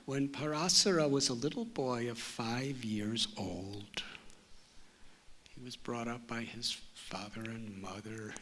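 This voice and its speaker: Slow, measured male spiritual teacher. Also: medium pitch, a bit bright. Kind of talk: storytelling talk.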